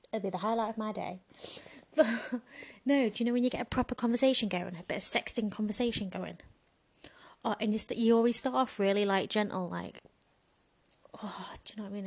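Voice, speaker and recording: A woman's voice: medium pitch, darkish tone. A woman in a frank, bawdy comedic monologue, chatting casually and laughing often. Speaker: vlogger.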